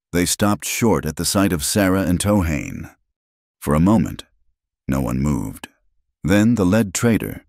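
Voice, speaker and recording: A very deep male voice narrates a frontier story with dramatic expression. His pitch rises and falls in a lively way. The recording is dry and close, with no room sound. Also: creaky, no echo.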